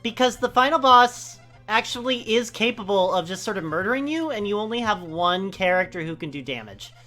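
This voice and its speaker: A woman from the US West Coast co-hosts a game playthrough with a bright, sharp voice that swings widely in pitch. She rambles and bursts into sudden high exclamations. Faint music plays underneath. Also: expressive, brisk. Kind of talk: casual gaming commentary.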